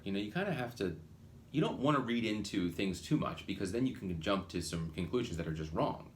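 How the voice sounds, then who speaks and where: A man hosting a podcast, talking through a business lesson in a rambling, animated way that often breaks off mid-phrase and restarts. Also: lowish voice, moderate pace, a little hiss or hum. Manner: animated, rambling, self-interrupting. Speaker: podcast host, marketing consultant. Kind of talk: casual monologue with acted quotes.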